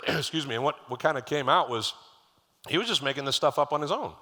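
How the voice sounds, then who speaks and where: Recorded amid live church hall reverb, a middle-aged lead pastor preaches briskly in a mid-range voice that is bright and forceful. He tells stories conversationally and makes asides to the congregation.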